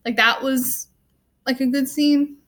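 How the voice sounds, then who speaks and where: Young female student vlogger, a little high-pitched, casual rambling rant with a wry tone. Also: steady tone, takes it slowly, a bit bright. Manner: rambling, full of "like" and "um"; offhand and wry. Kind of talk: casual movie rant to camera.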